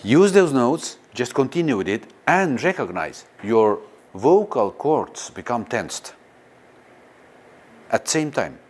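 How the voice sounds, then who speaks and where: A man teaching a guided meditation in non-native, halting English, often pausing to question a live audience. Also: mid-range voice. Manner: slow and lively, questions the audience. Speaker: spiritual teacher.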